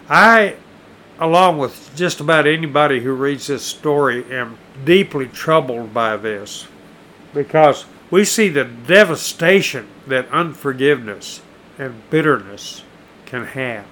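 Slow, deliberate male preacher. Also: medium pitch, bright, forceful tone, slight background noise, poor audio. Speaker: pastor. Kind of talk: sermon.

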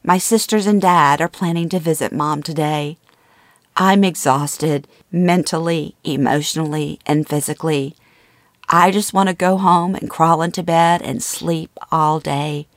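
Calm, lower-voiced woman reading a memoir. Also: dry recording, clean studio sound. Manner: calm, measured, intimate. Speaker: narrator.

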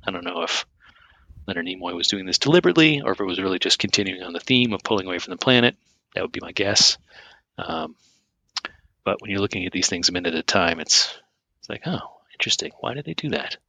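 A man's voice: deep voice, lively intonation, quick pace, creaky, pauses often, pushed and bright. A man co-hosting a podcast in casual chat, rambling with many fillers and restarts. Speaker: podcast co-host.

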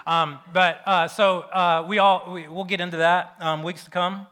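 A male pastor in his forties preaches in a loose, conversational way, tossing in asides and little laughs. His voice sits a touch high for a man and comes across bright and forceful. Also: level tone, moderate pace. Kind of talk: sermon.

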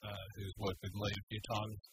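A man's voice: fairly low pitch, brisk, heavy background noise. A man chatting as a guest on a radio talk show, telling stories and acting out the people in them. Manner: animated, quotes people with acted voices. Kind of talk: radio chat, storytelling.

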